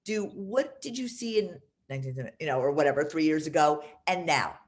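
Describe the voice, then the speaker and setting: Low-voiced woman hosting an interview. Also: animated, normal speed. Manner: enthusiastic, rambling questions. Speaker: podcast host. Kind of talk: conversational interview.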